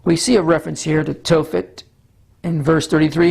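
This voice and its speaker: A man with a scratchy, hoarse voice preaches in a measured teaching manner, now and then stumbling over words. His tone sits a little high and carries a gravelly, husky roughness. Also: little pitch movement, a little mellow. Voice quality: scratchy, throat-clearing. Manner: measured Bible teaching with frequent small stumbles. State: hoarse from allergies. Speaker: pastor. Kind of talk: sermon teaching with a map.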